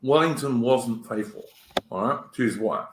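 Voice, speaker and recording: Over background noise in a reverberant space, a British podcast host talks in a mid-range voice at normal speed. He tells stories on his casual chat show in a chatty way, full of restarts and stammers.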